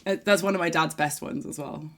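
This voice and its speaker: A woman co-hosting a reaction video, telling a long joke in a casual, animated way and laughing easily. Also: low voice, fairly quick. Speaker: reaction channel co-host.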